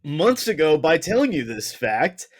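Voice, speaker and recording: A man's voice: on the high side, sing-song, unhurried. An American man hosting a podcast interview, teasing and joking with his guest. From United States. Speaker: podcast host. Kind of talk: casual interview chat.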